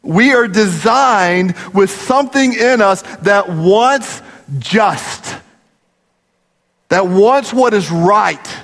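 A man preaching a sermon, telling stories animatedly and dropping low for serious points. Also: extremely slow. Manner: animated storytelling, rising to emphatic peaks and dropping low for gravity. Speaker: pastor. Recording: long hall reverb.

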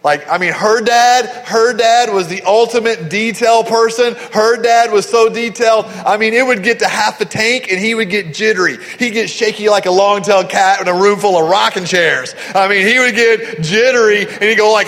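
A middle-aged man preaching a sermon as pastor, telling stories with lively, acted-out voices. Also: high voice, normal speed, hardly any pauses. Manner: animated storytelling, acting out voices. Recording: long hall reverb.

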